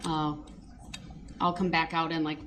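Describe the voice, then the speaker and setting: A woman's voice: low voice, level tone, measured pace. A woman judge speaking politely and procedurally in a courtroom. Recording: courtroom video with background noise.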